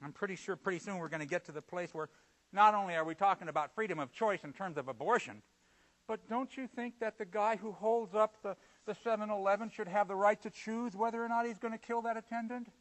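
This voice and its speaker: A male preacher in full sermon mode, his voice pitched high and ringing bright. He jumps from loud, forceful emphasis to hushed, low asides. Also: fairly quick, rough recording.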